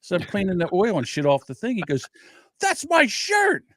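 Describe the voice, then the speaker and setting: A man hosting a casual podcast, telling stories and acting out what people said, with plenty of swearing. His voice is fairly high and swings widely in pitch. The sound is close and dry. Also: quick pace, no room sound. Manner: animated storyteller, acts out quotes, swears freely. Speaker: podcast host. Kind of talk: casual chat.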